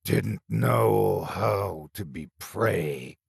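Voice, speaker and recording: A man voicing a taunting inhuman creature in a horror story, speaking in slow, broken, rasping phrases with a hiss and wheeze. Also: deep voice, dry recording, studio quality, full character voice. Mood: menacing.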